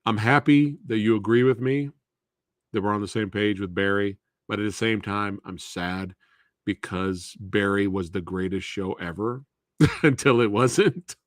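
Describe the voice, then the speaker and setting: A man's voice: fairly low pitch, a little slow, no room sound, studio quality. A man hosting a live Q&A stream, chatting casually and answering viewers by name.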